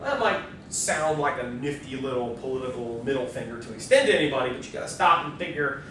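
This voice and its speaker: A man's voice: lively intonation, sharp tone. Casual male professor in an echoey hall. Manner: casual and conversational, with quick asides. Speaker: history professor. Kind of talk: university lecture. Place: lecture hall. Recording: distant mic, very echoey lecture hall, faint rumble.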